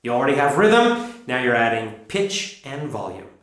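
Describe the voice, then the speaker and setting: A man with a North American accent teaching English pronunciation, speaking slowly and emphatically as he demonstrates rises and falls in pitch. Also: big pitch swings, fairly bright tone. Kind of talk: spoken lesson to learners. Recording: very echoey room.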